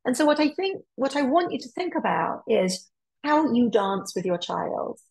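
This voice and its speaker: A woman child psychologist speaks to parents in a webinar, explaining her points over a computer mic and acting out little dialogues along the way. Her voice carries a gravelly fry and a husky, slightly rough edge. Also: a little high, animated, normal speed, darkish tone, poor audio. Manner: explanatory, with acted-out example dialogues. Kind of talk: lecture to parents.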